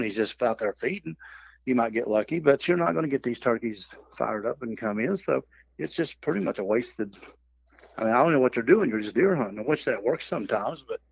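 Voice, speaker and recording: A man's voice: mid-range voice, gravelly, husky, dry recording. Middle-aged man spinning a hunting yarn. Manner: lively yarn-spinner who acts out quotes and turkey calls. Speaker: guest, turkey hunting instructor. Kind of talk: casual storytelling. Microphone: podcast microphone. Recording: dull, dry lo-fi podcast audio.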